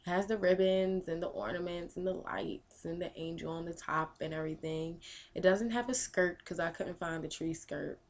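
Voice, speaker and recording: Young woman, vlog host. Rambling, casual Q&A delivery, low-ish voice. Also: fairly even intonation, normal speed. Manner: rambling, thinks aloud with many ums. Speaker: vlog host answering viewer questions. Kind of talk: casual chat.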